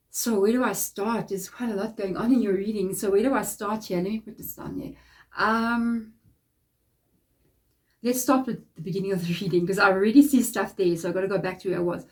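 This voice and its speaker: A woman's voice: mid-range voice, fairly quick, darkish tone. A woman from Africa with a blocked, nasal nose, giving a casual tarot card reading in a chatty, encouraging, rambling way. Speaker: tarot reader.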